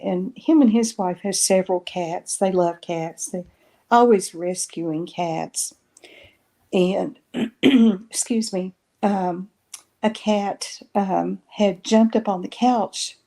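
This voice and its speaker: A woman's voice: mid-range voice, gravelly, mellow. A woman guest on a podcast, telling a personal story in a casual way and retelling each conversation line by line with many "I said" and "she says". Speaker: guest sharing paranormal experiences.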